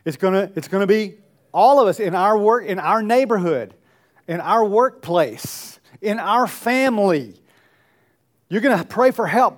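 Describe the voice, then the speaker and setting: A man with a rather high voice preaches to his congregation. He is earnest and pleading, and he often lets his voice sink to soft, quiet phrases. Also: animated, a little slow. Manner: earnest, pleading, drops to soft near-murmurs. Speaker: pastor. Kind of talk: sermon.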